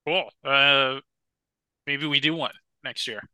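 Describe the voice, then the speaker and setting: A young man co-hosting a casual podcast, telling stories with lively, worked-up energy. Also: mid-range voice, slow, smooth, dry recording. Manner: animated storyteller, gets loud and worked up. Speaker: podcast co-host. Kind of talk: casual chat.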